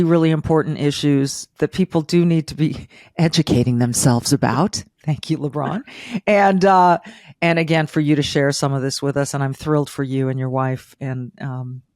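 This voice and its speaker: A woman's voice: deep voice, dry recording. Middle-aged woman host, emotional and rambling, dry close sound. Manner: emotional, warm and rambling with restarts. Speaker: podcast host. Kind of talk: interview.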